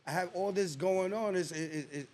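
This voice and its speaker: A man's voice: sits high, fairly quick, a little mellow. A man from New Jersey, a rapper guest in a casual interview, talking in a laid-back, slangy way and repeating phrases for emphasis.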